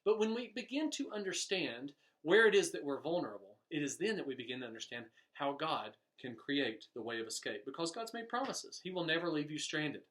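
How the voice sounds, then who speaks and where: A man preaching a sermon, telling stories in an animated way and pointing the lesson back to his listeners. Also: fairly high pitch, fairly quick, few pauses. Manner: storytelling preacher, animated, voices quoted characters. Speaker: pastor.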